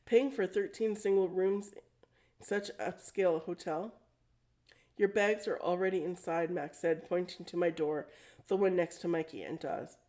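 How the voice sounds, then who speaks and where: Woman reading a storybook out loud, warm lowish voice, steady plain delivery. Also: normal speed. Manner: plain, steady reading with small self-corrections. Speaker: storyteller reading a novel aloud. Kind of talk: storybook read-aloud narration.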